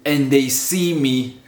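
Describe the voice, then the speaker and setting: A man telling a childhood story in a casual, animated way, laughing often and swearing freely. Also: mid-range voice. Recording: roomy echo with faint ambient noise.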